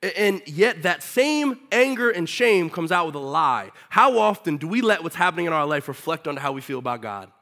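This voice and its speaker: A man delivering a sermon in an animated, casual manner, slipping into slang. His voice sits a bit high and has a bright, forward edge. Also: normal speed, hardly any pauses. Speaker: preacher.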